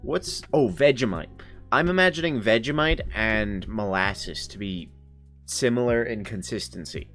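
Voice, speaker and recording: A man's voice: on the low side, fairly bright tone, soft background music. Playful rambling male streamer. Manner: playful, rambling, quick to laugh and argue jokingly. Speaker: live streamer. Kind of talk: casual chat reacting to viewer chat.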